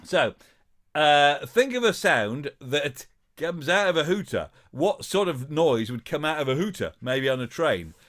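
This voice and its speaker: A man hosting a live-streamed quiz, chatting in a halting way with lots of filler sounds and reading out viewers' guesses playfully. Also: fairly high pitch, a bit bright. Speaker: host of a live-streamed show.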